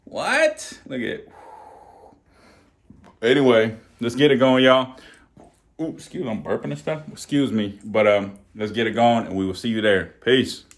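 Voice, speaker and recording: A man's voice: mid-range voice, moderate pace. A man hosting a casual vlog, slangy and hyped, swearing freely. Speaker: channel host.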